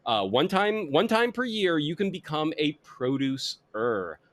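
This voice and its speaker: A man's voice: fairly high pitch, sing-song, unhurried. A man hosting a podcast about wine and comics, talking casually and rambling through his plugs. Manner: rambling, self-correcting plugs. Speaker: podcast host.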